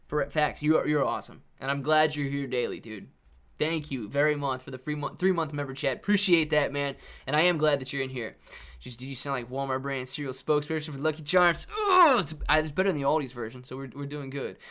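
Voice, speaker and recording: A man's voice: mid-range voice, a bit bright. A man hosting a casual live stream, calling out stock prices and chatting upbeat with viewers by name. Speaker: live-stream host reading viewer chat.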